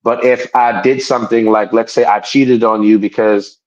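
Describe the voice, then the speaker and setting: A podcast co-host with a fairly low, steady, slightly mellow voice chats casually at a normal speed, speaking emphatically while repeating himself and restarting sentences. He acts out the people he quotes in raised voices. The audio is dull.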